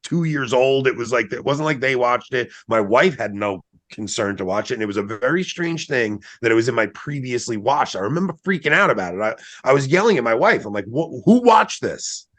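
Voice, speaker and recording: A man's voice: medium pitch, brisk, few pauses. A man in his forties telling a personal story in casual podcast conversation, acting out what he once said. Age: 40s. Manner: animated, acts out his own past quotes.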